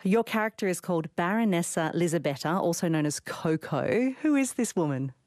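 A woman hosting a radio book show, interviewing an author with bright enthusiasm. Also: fairly low pitch, expressive, brisk, dry recording, clean studio sound.

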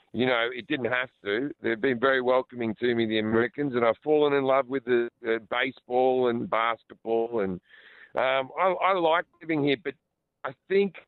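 An Australian man in his forties, a comedian chatting and joking as a radio guest with quick restarts over the phone. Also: mid-range voice, clear, resonant tone, dry recording. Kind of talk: casual radio interview. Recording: tinny phone line.

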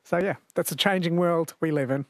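A man's voice: a little high, dry recording, clean studio sound. Chatty male radio host. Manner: chatty, laughs often, reads quiz questions slowly. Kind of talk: late-night radio quiz chat. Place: radio studio. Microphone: studio microphone.

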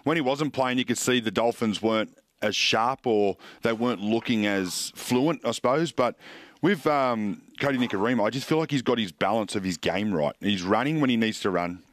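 Low-voiced rugby league pundit. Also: male voice, moderate pace, no room sound. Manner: earnest, assured, repeats words. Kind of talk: sports radio analysis.

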